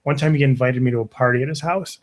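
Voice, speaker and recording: A man's voice: medium pitch, fast. Man telling a story casually. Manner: animated, acts out quoted voices, swears often. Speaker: podcast guest.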